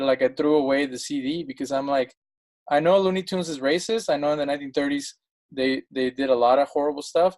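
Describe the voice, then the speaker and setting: A man's voice: on the high side, a little mellow. A man speaking as a guest in a casual discussion, telling stories in an impassioned, emphatic way.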